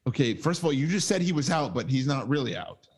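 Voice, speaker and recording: A man's voice: medium pitch, expressive, quick pace, darkish tone, slight background noise. A man in his forties, a co-host in a casual sports betting chat, brash and emphatic and swearing freely. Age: 40s.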